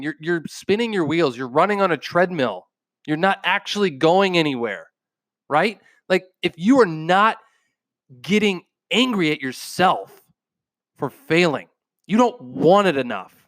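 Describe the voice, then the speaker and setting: A man's voice: high voice, lively intonation, a little slow, fairly bright tone, no room sound, clean studio sound. Fired-up man giving a motivational talk. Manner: intense, emphatic, repeats phrases for punch. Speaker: podcast host. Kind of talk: motivational podcast monologue. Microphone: microphone.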